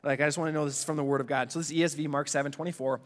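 A man's voice: on the high side, fairly even intonation, racing, big-room sound. A man preaching a sermon in an earnest, conversational way, full of restarts and casual asides.

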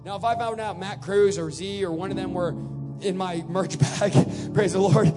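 A man preaching a revival sermon at a church service, swinging between shouted declarations and quiet conversational asides. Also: sits high, fairly even intonation, normal speed, over loud music. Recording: live hall with long reverb.

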